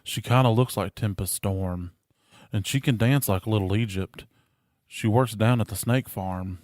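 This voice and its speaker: Slow, low-voiced man reading deadpan. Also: no echo. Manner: dry, giggling between lines. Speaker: podcast co-host. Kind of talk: casual chat and mock-serious poem reading.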